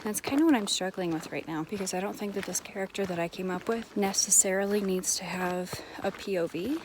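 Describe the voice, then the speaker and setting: A woman vlogging about her writing, thinking out loud in a rambling, musing way with lots of fillers. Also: medium pitch, fairly quick, a little hiss or hum. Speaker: writer and vlogger. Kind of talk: chatty writing vlog, thinking aloud.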